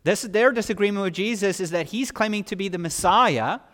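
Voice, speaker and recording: Guy preaching a sermon, fairly high voice, lots of questions to the crowd, gets loud and pushy in spots, long hall echo. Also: fairly quick. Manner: builds from quiet reflection to loud, rising emphasis; asks the listeners rhetorical questions. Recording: long reverb of a large hall.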